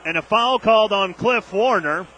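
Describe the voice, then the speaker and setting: A man calling a college basketball game on radio, rattling off play-by-play and getting loud on big plays, openly exasperated with the officiating. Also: high-pitched, normal speed, slight background noise.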